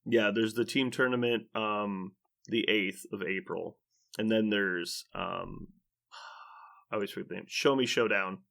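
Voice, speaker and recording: A man's voice: fairly low pitch, fairly even intonation, measured pace, vocal fry, fairly bright tone. A man co-hosting a podcast in casual chat, hesitant and thinking aloud. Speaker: podcast co-host.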